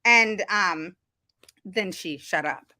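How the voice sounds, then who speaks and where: A blunt woman advocate talks straight to her audience, her pitch rising and falling as she makes her points. Her voice is bright and forceful, recorded close and dry. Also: slow pace, no room sound. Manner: blunt and animated, pitch swinging up and down. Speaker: special education advocate. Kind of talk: casual direct-to-camera talk.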